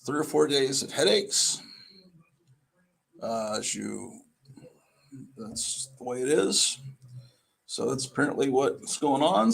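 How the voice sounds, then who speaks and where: A man's voice: medium pitch, creaky, breathy edge. A man hosting his own live stream, chatting in a loose, meandering way with wry, self-deprecating asides, talking into his computer microphone. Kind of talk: casual rambling live stream chat.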